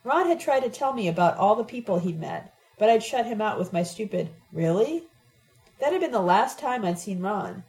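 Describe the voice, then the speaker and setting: A woman's voice: medium pitch, animated, a little fast, few pauses, darkish tone, poor audio. A woman narrating a novel in the first person, reading in an intimate, reflective way. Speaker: audiobook narrator.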